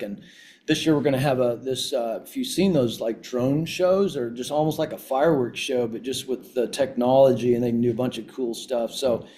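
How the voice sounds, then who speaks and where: Speaking in a warm, medium-pitched voice, a CEO guest recounts a story on a podcast. The interview is casual, and he keeps restarting and filling gaps as he talks.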